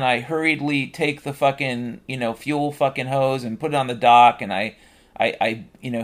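A man telling a rambling comic story, swearing constantly and tossing in deadpan asides. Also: medium pitch. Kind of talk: comedic rambling monologue.

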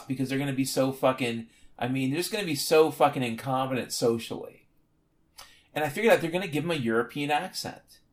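A man hosting a solo podcast, talking in a rambling, sardonic and profane way. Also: mid-range voice. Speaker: podcast host.

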